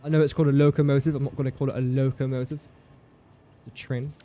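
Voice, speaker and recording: A man's voice: medium pitch, little pitch movement, fast, warm tone. A man streaming live gameplay commentary, thinking aloud in a chatty way, talking to his game and to viewers in chat.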